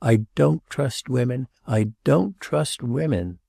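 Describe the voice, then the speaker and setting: A man's voice: medium pitch, slow pace, vocal fry, dark tone, husky, no room sound, clean studio sound, exaggerated voice. A male audiobook narrator voicing a blunt, plain-spoken young working man with a Northern English accent. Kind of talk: audiobook character reading.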